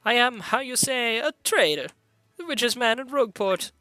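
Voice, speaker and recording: A man's voice: very high voice, expressive, moderate pace, bright, forceful tone, no room sound, faint music behind, voice pushed up, heavily acted, low-quality recording. A man putting on a gushing, vain male trader with a mock French accent. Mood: grandiose. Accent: put-on French. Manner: gushing, sing-song, grandiose. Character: vain flamboyant male trader, theatrical and boastful.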